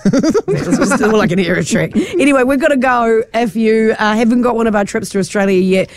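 A woman's voice: fairly high pitch, a little fast. A woman hosting a radio show, chatting casually and laughing with her co-host. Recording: dry studio sound.

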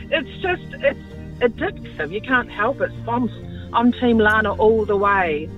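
A woman's voice: on the high side, very animated, unhurried, soft background music. A woman calling in to a radio show, enthusiastic and giggly. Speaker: caller. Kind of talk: phone-in call. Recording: dull phone line.

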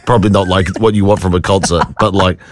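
A man's voice: deep voice, little pitch movement, fast. A man, co-hosting a radio show in casual, storytelling banter. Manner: chatty, storytelling, laughs easily. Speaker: radio host.

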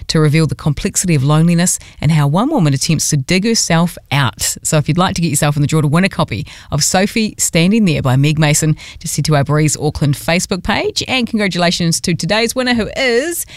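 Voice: medium pitch, expressive, fast, hardly any pauses, no echo, clean studio sound. A radio host, chatting cheerfully between songs and giving away prizes. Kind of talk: upbeat radio patter. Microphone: studio microphone.

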